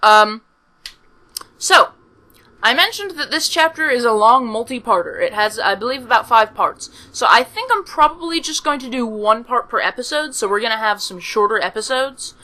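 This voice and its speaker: A woman's voice: on the high side, expressive, normal speed, pushed and bright, rough recording. A woman hosting a let's play, giving casual rambling commentary with self-mocking asides.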